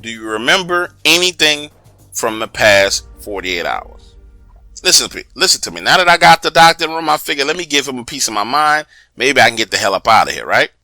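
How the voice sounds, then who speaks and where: A man with a bright, forceful voice tells a comic story, his pitch leaping up and down as he gets worked up. He swears freely and keeps calling out to his listeners. Faint music sits under a close, dry recording. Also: rapid-fire, few pauses, no echo. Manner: animated, profane, emphatic, addresses listeners directly. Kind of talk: comedic first-person storytelling.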